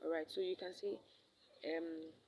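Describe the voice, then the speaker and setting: A woman's voice: deep voice, steady tone, unhurried, dark tone, poor audio. A woman teaching a French lesson in English, repeating each phrase and checking in with "all right?". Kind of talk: recorded language lesson.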